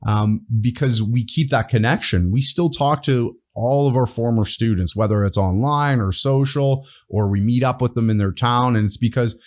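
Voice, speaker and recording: A man's voice: mid-range voice, moderate pace, hardly any pauses, a little mellow. A man who founded a training course, talking earnestly as a podcast guest and often checking in with "right?". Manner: earnest, explains with frequent "right?" tags. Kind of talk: casual interview chat.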